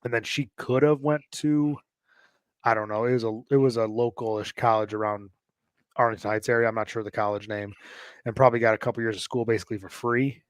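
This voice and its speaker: A man hosting a podcast in casual chat, talking in a fast, loose and profane way. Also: medium pitch, fairly even intonation, dry recording. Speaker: podcast host.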